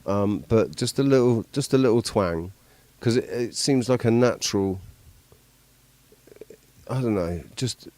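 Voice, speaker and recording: A man chatting casually as a podcast host, rambling and halting and swearing now and then. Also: fairly low pitch, a little mellow, dry recording. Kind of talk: casual chat.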